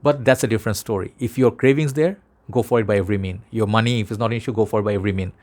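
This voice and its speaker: A man's voice: fairly low pitch, rapid-fire, a little mellow. A man with a Bangladeshi accent, talking casually to camera as a fragrance vlogger in an earnest, rambling way, speaking to his viewers like brothers.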